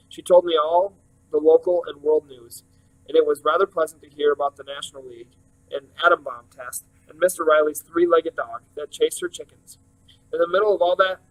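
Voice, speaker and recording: A man reading a novel aloud in steady, first-person storytelling narration. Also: a little high, brisk, poor audio. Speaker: reader.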